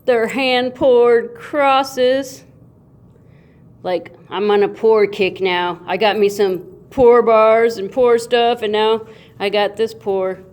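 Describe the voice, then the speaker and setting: A woman hosting a casual unboxing video, playful and goofy, with sound effects and drawn-out, excited remarks. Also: a little high. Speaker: coin channel host.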